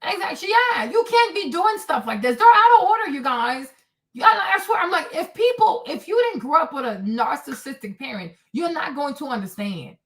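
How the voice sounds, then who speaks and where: Addressing her viewers as "y'all," a young woman livestream host rants with animated indignation in a casual storytelling style. She speaks high-pitched at a moderate pace, barely pausing.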